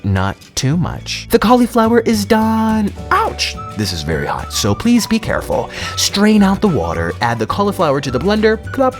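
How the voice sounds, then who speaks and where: A man's voice: a little high, echoey room. A man casually talking through a recipe as a home cooking vlogger, chatty and given to dramatic exclamations. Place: home kitchen.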